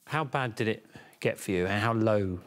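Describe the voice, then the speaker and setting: A male news presenter introducing a story and asking measured, probing questions in an interview. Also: on the low side.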